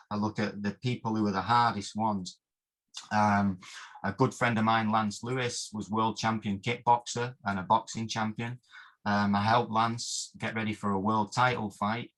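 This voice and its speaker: A man's voice: fairly low pitch, a bit bright. A man, a martial arts instructor, rambling through interview anecdotes with plenty of fillers and mild oaths. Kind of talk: interview storytelling.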